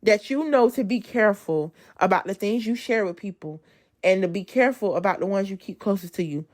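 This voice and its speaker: A woman gives an amped-up devotional testimony. She talks casually to her listeners as y'all and swings between loud emphasis and soft asides. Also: medium pitch, brisk. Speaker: speaker giving a devotional testimony. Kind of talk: preachy devotional talk.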